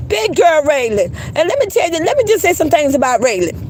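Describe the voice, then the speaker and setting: A woman's voice: sits high, very animated, a little fast, a little mellow, slight background noise. A woman hosting a casual livestream, blunt and profane, greeting her chat. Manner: blunt, profane, laughing, reads chat aloud. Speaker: livestream host.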